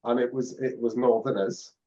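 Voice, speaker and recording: A man's voice: medium pitch, fairly even intonation, moderate pace, warm tone. A man in casual podcast chat, joking and repeating himself while he builds up to a punchline. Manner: stammering, joking, insistent. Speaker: podcast co-host. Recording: muffled lo-fi audio.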